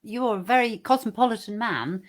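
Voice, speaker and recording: A woman co-hosting a casual online show, chatty and quick to laugh. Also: on the high side, a crowd in the background. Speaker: co-host. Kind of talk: casual live-stream chat.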